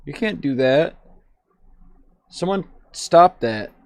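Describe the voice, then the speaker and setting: A man's voice: fairly high pitch, expressive, slow pace, a little mellow, dry recording. A male streamer giving sarcastic, mock-serious commentary while playing a VR game. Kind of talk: gaming commentary. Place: online VR game.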